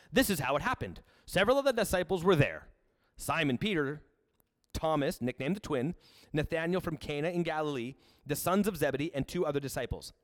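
A man's voice: fairly high pitch, no room sound, studio quality. A man preaching a sermon with casual, joking asides as he reads and explains scripture. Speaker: pastor.

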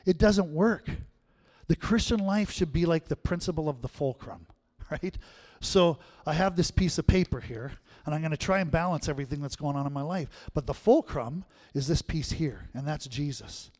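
Male pastor, higher voice, relaxed conversational sermon style. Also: normal speed. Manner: conversational, repeats "right?" to the congregation. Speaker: preacher.

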